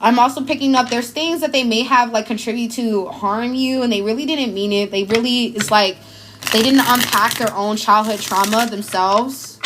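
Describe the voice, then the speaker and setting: A woman's voice: a little high, fairly even intonation, normal speed, noisy background. A woman, giving an emotional, effusive live tarot reading in casual slang. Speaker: tarot reader. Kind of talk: live spiritual card reading.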